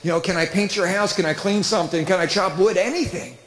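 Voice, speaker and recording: A middle-aged man doing stand-up comedy at a church event, telling stories with big animated voices. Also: high-pitched, fast talker, a little hiss or hum. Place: church hall with live audience. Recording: roomy hall reverb.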